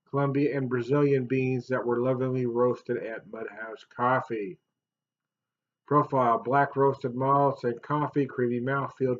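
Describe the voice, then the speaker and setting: A man hosting a casual beer review vlog, chatty and jokey, laughing often and swinging up loud and high. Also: muffled recording.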